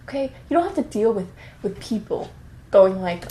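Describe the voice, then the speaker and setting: A young woman vlogging casually and reading her old writing aloud in a self-mocking, animated way. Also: mid-range voice, brisk, a little hiss or hum. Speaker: YouTuber. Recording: echoey room with faint music.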